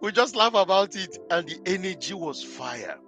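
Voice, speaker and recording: A man, a podcast guest, telling his life story in an animated, emphatic way. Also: sits high, normal speed, soft background music. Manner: animated, emphatic, acts out scenes. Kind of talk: personal storytelling in conversation.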